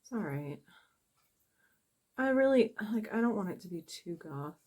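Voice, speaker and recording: A woman's voice: medium pitch, sing-song, normal speed, mellow. A middle-aged woman chatting casually through a makeup tutorial. She is blunt, swears freely and pokes fun at herself. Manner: blunt, profane, self-mocking. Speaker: makeup vlogger.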